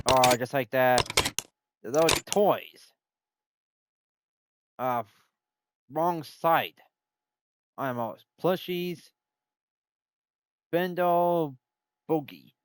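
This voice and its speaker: A man's voice: medium pitch, drawn-out words, long pauses, dry recording, studio quality. A man streaming a game live, rambling and thinking aloud as he plays. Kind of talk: live gameplay commentary.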